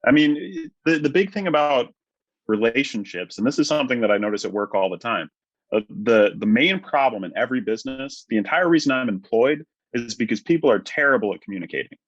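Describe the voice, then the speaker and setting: A man's voice: mid-range voice, expressive, brisk, no echo. A man talking thoughtfully in a casual conversation, explaining his point with small restarts. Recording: dull dry lo-fi audio.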